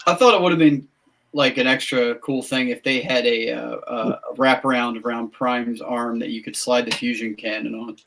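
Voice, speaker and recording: A man's voice: mid-range voice, fairly even intonation, normal speed, gravelly, a bit bright. A man co-hosting a podcast in casual chat, joking and teasing the others. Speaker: podcast co-host.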